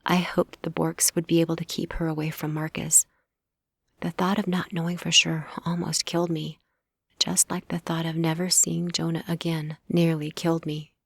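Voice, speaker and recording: A woman narrates a first-person audiobook in a steady, even way. Her voice sits low with a gravelly texture. The recording is close and dry. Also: moderate pace, no echo.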